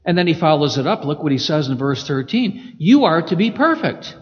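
High-voiced preacher, echoey hall. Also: male voice, very animated, brisk. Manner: emphatic, swings between loud and hushed. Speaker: pastor. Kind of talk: sermon with scripture reading. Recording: echoey hall, dull lo-fi sound.

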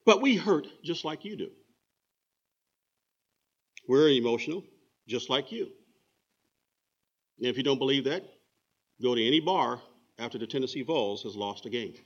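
Male preacher, mid-pitched, emphatic sermon delivery with slow dramatic phrasing; muffled lo-fi recording. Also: lively intonation. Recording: dull lo-fi recording.

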